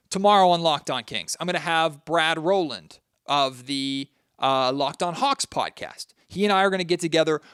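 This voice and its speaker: A man's voice: on the high side, a bit bright, clear, resonant tone, no echo, studio quality. A man hosting a solo sports podcast, venting his frustration and talking straight to his listeners. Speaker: podcast host.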